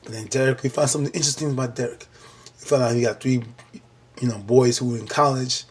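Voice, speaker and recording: A man with a husky voice, recapping a TV episode in an animated casual style, acting out the characters' lines. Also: mid-range voice, quick pace. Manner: animated storytelling with churchy exclamations and acted-out lines. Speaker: TV episode reviewer.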